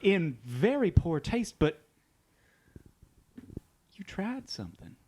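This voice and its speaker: Performer doing a dramatic tire-shop woman, lively melody, slow stammering delivery, improv comedy. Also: mid-range voice, heavy background noise. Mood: scolding. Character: small-town woman tire seller, blunt and dramatic.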